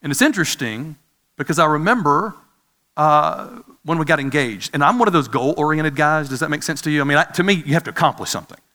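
Male preacher, 40s, chatty sermon style, bright edge, echo of a big hall. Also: a little high, lively intonation, fast talker. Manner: conversational, asks the audience questions. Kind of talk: sermon with personal story. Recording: reverberant hall.

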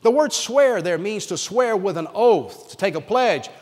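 A man's voice: high-pitched, lively intonation, a little slow, darkish tone. A male pastor preaching a sermon, retelling scripture dramatically and emphatically. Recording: reverberant hall sound.

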